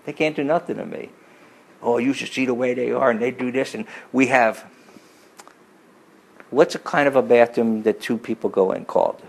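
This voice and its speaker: A middle-aged man preaching a sermon full of personal stories. He talks emphatically, rising to forceful peaks and dropping into low asides. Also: moderate pace, gravelly, pauses often, low-quality recording. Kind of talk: sermon with storytelling.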